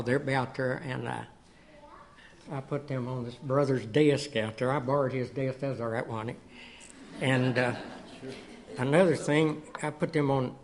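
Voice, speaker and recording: A man giving folksy stories and a testimony to a church congregation as a guest speaker. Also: mid-range voice. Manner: folksy storytelling. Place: church sanctuary.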